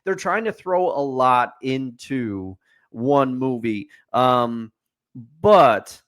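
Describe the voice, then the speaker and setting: A man's voice: medium pitch, expressive, extremely slow, a bit bright. A man co-hosting a casual sports podcast, opinionated and picking things apart point by point. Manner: opinionated, building lists with a repeated refrain. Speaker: podcast co-host.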